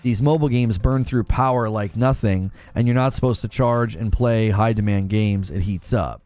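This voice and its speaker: A man's voice: on the low side, normal speed, soft background music. A man hosting a live gaming news stream, chatting casually and reading out chat messages. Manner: casual, talks to chat, thanks donors excitedly.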